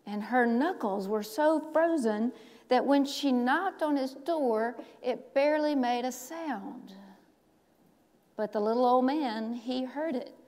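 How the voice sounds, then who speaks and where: A woman pastor preaching a sermon, telling a story slowly with dramatic pauses. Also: high-pitched, darkish tone. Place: large church sanctuary. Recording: long church hall reverb.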